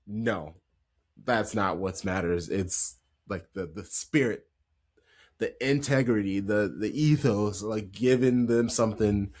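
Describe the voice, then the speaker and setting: A man's voice: fairly low pitch, slow, a little mellow. A man hosting a football podcast in casual chat, talkative and laughing easily. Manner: chatty, laughs easily, lots of fillers. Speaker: podcast host.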